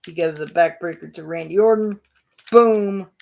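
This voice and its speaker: A man hosting his own show, narrating imagined wrestling action in a casual play-by-play, punctuated with loud sound-effect bursts. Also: fairly high pitch, steady tone, slow. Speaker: show host.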